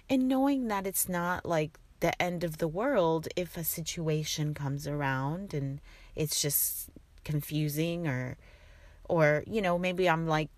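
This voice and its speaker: A middle-aged woman talking in a soft, rambling, reflective way, with many fillers. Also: low voice, dry recording. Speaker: vlogger. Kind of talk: reflective casual monologue.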